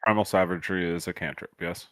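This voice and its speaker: A man with a very low voice runs a tabletop game as game master. He narrates in a loose, casual way and swears freely. The sound is dry and close. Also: fairly even intonation, fast talker, fairly bright tone, no room sound.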